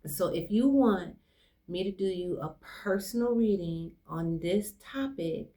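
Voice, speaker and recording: Warm and a little slow, her lowish voice carries an effusive, casual online tarot reading aimed straight at the viewer. Music plays clearly underneath.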